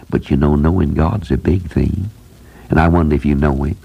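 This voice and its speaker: Older male radio preacher, dark and raspy, earnest and emphatic. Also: extremely low pitch, normal speed. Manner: earnest, rising to emphatic repetition. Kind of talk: radio sermon.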